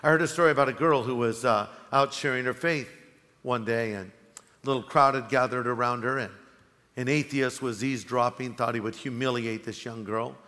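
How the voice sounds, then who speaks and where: A man's voice: mid-range voice, fairly even intonation, normal speed, pushed and bright. A middle-aged male pastor giving a sermon, telling stories and joking wryly with the congregation. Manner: storytelling, wry, addresses the congregation. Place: large church hall. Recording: long hall reverb.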